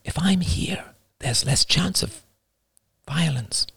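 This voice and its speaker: A man voices a timid, earnest young girl in a storybook reading. Her voice is high and breathy, pitched far above the reader's own. Close, dry sound. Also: expressive, takes it slowly, bright, forceful tone, no echo, heavily acted. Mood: pleading.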